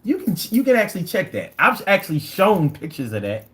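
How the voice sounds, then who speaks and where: A man's voice: high-pitched, brisk. A man in his fifties with a Philadelphia accent, hosting a casual livestream, reading chat and telling stories in profane, slangy talk. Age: 50s. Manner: animated, profane, slangy storytelling.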